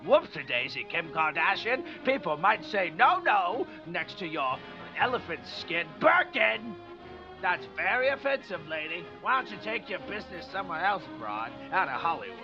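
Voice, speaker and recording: A man's voice: sits high, very animated, moderate pace, lo-fi sound, over music, voice pushed up. A man putting on a jaunty old-timey radio newsreader voice, exclaiming his way through headlines.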